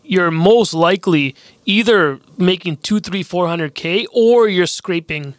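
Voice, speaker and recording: A man's voice: high-pitched, a little slow, dry recording. A man in a casual debate, reasoning through his point aloud with stammering restarts.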